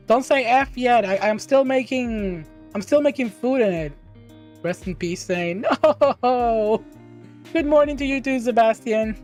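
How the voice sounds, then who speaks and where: A woman hosting a casual livestream podcast, reading viewer questions aloud, bubbly and quick to laugh and exclaim. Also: mid-range voice, darkish tone. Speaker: podcast host and streamer.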